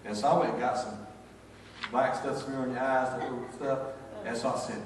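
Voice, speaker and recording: A pastor from North Carolina, older and Southern-accented, rambles through a folksy sermon built on his own stories, restarting his thoughts along the way. He speaks fairly quickly in a steady, mid-range voice. Background noise, faint ambience and the echo of the church hall, caught by a far-off mic, fill out the sound.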